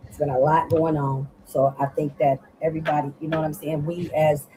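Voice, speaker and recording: A woman's voice: low-pitched, little pitch movement, brisk, background noise. A tired woman speaking earnestly on an online panel call, rambling and repeating herself as she makes her points. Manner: earnest, rambling, repeats "you know what I'm saying". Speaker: panel guest. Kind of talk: casual live panel discussion. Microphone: online call audio.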